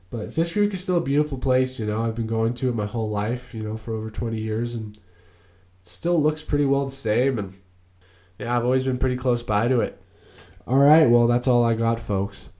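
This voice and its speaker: With a warm, mid-range voice, a young adult hosts his own podcast and shares stories casually. His delivery is easygoing and wandering, full of fillers.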